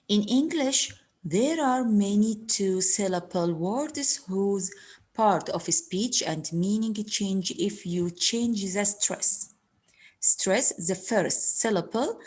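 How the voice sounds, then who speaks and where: A woman teaching an English lesson, slowly repeating words and giving their meanings. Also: medium pitch, a little mellow. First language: Arabic. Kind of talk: recorded classroom lesson.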